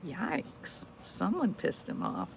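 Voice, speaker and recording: A woman with a gravelly, creaky voice talks slowly and easily to her viewers. Her pitch swings widely as she chats. Faint outdoor noise and a dog can be heard behind her at sunrise by the water. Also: wildly swooping pitch. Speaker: vlogger. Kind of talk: casual morning vlog chat.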